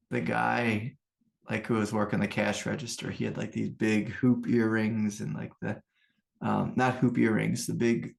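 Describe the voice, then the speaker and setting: Gravelly low-voiced man giving a casual spiritual talk. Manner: rambling, informal, anecdotal, many fillers. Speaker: meditation and spiritual teacher. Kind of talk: casual spoken satsang talk.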